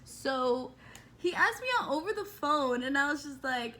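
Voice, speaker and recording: A woman in her twenties, a vlogger telling a personal story in a chatty, animated way with lots of fillers. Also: sits high, unhurried, slight background noise. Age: 20s. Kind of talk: casual storytelling.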